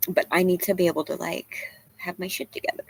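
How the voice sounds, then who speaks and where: A woman's voice: on the low side, little pitch movement, fast, gravelly, slightly rough. A woman vlogger venting to camera, rambling and self-deprecating, at times crying. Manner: rambling, tearful, self-deprecating, with many "you know"s.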